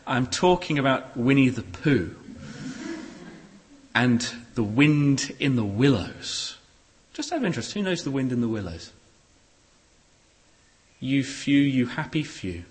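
A man preaching a sermon in a church hall, expressive, with shifting pace and loudness. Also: medium pitch, unhurried, pauses often. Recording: echoey hall.

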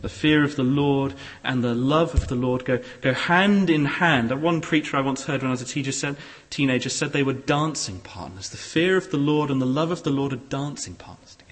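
A man preaching a sermon in a church hall, expressive, with shifting pace and loudness. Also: mid-range voice, fairly quick, hardly any pauses. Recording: echoey hall.

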